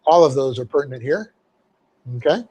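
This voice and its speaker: In a church hall, a middle-aged male pastor works through Scripture word by word, checking in with "okay?" and adding homely asides. His mid-range voice is animated, mellow and husky at a normal speed, though the recording is muffled.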